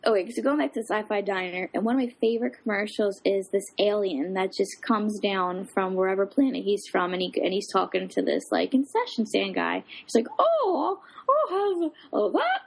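A woman co-hosting a casual chat, rambling through stories with lots of fillers and animated asides. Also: medium pitch, brisk, hardly any pauses, husky.

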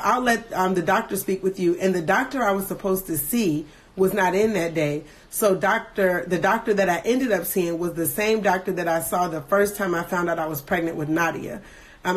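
A woman in her thirties, emotional and earnest, candidly telling a personal story to her viewers with many pauses and restarts. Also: mid-range voice. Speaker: livestream host sharing a personal story.

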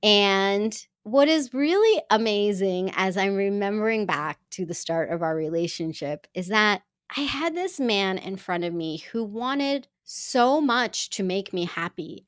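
A woman at a middle pitch tells a personal story to her listeners. Her delivery is earnest and heartfelt, with expressive rises and drops. The voice sounds dry and close, with no room around it. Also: unhurried, hardly any pauses, dry recording. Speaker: speaker addressing women listeners.

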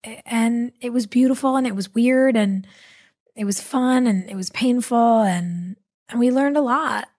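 A woman guest in a casual interview, telling stories animatedly with quick asides. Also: a little high, a little mellow. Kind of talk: casual conversational storytelling.

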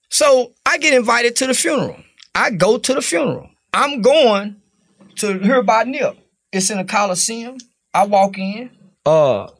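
A man's voice: high-pitched, creaky, a bit bright, no room sound. A man from Fort Worth, giving an interview in blunt, profane, preachy street talk. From Fort Worth, Texas. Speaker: interview guest.

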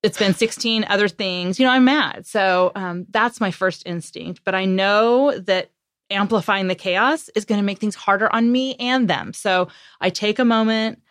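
Here a woman with a medium-pitched voice speaks at a moderate pace in a dry studio recording. She's a parenting author being interviewed on a podcast, conversational and full of fillers and laughs, vividly acting out the things she and her kids said.

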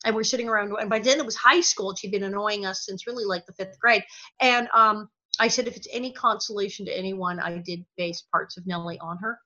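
A woman being interviewed as a guest, telling animated stories, often laughing and acting out the voices of people she quotes. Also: mid-range voice, a little fast, dull audio. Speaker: guest, former actress.

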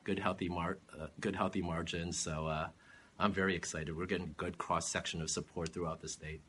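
A man running for office, answering interview questions in a measured, steady way with frequent "uh" fillers. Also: low-pitched, a little hiss or hum. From California. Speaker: political candidate.

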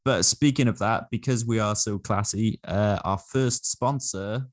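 A young man with a lowish voice, recorded close in a very dry, dead space. He co-hosts a casual comedy podcast, making absurd claims in a dry, tongue-in-cheek tone with plenty of hesitant ums. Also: unhurried, no echo. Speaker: podcast co-host.

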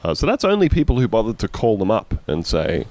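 A man hosting a casual comedy podcast, wry and deadpan, sounding tired. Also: fairly low pitch, brisk. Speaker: podcast host.

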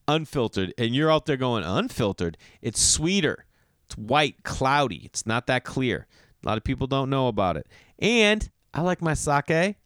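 A man in his thirties telling a long story in a casual, rambling way, full of slang and sudden high-pitched mock voices. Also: smooth, no echo, studio quality. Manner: animated, slangy, jumps into mocking high voices when quoting.

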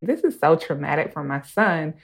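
Woman, low voice, casual chatty mom, personal story. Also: animated, normal speed, husky. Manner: casual, conversational, laughs while telling. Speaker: storyteller, mother.

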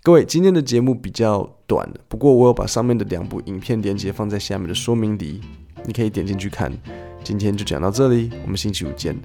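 A man's voice: lowish voice, quick pace, gravelly, dark tone, soft background music. A man teaching English in a chatty, playful way, acting out short dialogues as he explains clips.

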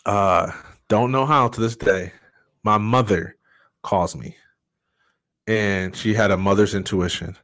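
Low-voiced man telling a candid story. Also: a bit bright, no room sound. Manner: earnest and candid, halting with frequent fillers. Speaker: podcast guest. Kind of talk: personal story in conversation.

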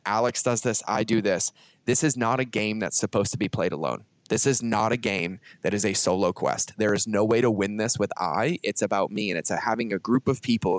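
A man's voice: fairly low pitch, no room sound. A man hosting a podcast in a casual conversation, talking emphatically and swearing freely. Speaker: podcast host.

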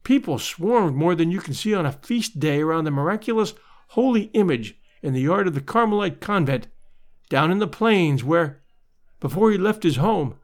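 Expressive male storybook narrator. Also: fairly high pitch. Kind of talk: literary audiobook narration.

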